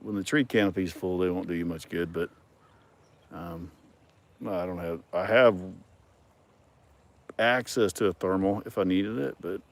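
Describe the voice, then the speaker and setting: A man's voice: low voice, unhurried, long pauses. A man hosting a casual livestream, reading viewer comments and talking in a rambling way with many ums and some dry sarcasm. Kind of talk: casual chat.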